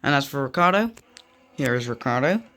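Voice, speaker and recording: A man's voice: mid-range voice, big pitch swings, a little fast, a bit bright, faint music behind. A young man giving casual, rambling commentary over racing game footage, often drifting off on tangents. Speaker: gaming video creator.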